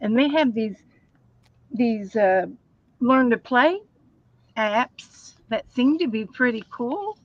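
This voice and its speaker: A woman's voice: fairly high pitch, expressive, slow, long pauses, no echo. A woman, chiming in with short teasing remarks in casual chat. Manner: teasing interjections. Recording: dull lo-fi sound.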